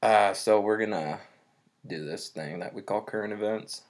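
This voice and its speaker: A man's voice: on the low side, normal speed. A man co-hosting a casual podcast, telling news stories in a laid-back, self-mocking way. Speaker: podcast co-host. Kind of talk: casual chat.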